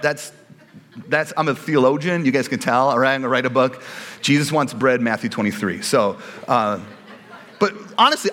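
A man's voice: medium pitch, fairly bright tone. A man preaching a casual, joking sermon as a pastor, often slipping into put-on voices for quoted people. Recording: long hall reverb.

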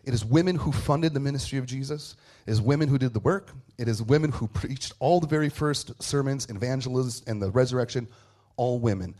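A man preaching an Easter sermon in a conversational, storytelling way, with laughs and quick asides. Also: mid-range voice, mellow. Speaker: pastor.

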